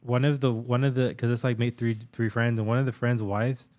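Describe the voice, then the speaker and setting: A man's voice: medium pitch, little pitch movement, fairly quick, a little mellow. A young man co-hosting a podcast, telling stories in a rambling, profane casual chat with many fillers. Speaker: podcast co-host.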